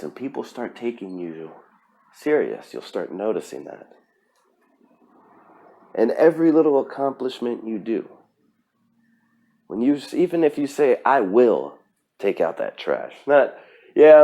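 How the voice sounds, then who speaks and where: Deep-voiced man giving emphatic motivational talk. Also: darkish tone. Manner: earnest, emphatic, with frequent fillers and restarts. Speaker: podcast host. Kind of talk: solo motivational podcast talk.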